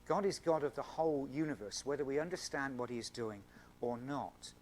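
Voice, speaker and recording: A man's voice: mid-range voice, brisk, darkish tone, a little hiss or hum. A man, a scientist giving an earnest public lecture at a university event. He explains with everyday examples and stresses key words. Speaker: scientist giving an evening talk to a student Christian group.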